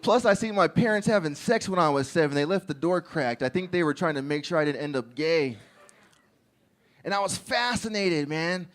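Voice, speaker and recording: A man's voice: fairly high pitch, animated, normal speed, a bit bright. A man doing a crude stand-up set, telling stories and laughing at his own jokes. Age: adult with a child. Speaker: stand-up comedian.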